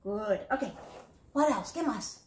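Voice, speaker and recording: A woman's voice: mid-range voice, unhurried, reverberant, slight background noise. A woman teaching Spanish to preschoolers in a sing-song, encouraging teacher voice. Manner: animated, exaggerated teacherly encouragement. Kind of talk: sing-song lesson for young children.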